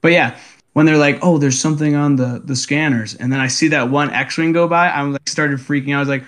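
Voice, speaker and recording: A young man co-hosting a casual podcast, telling stories excitedly and laughing as he goes. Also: fairly high pitch, fairly quick. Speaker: podcast co-host. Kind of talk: casual chat.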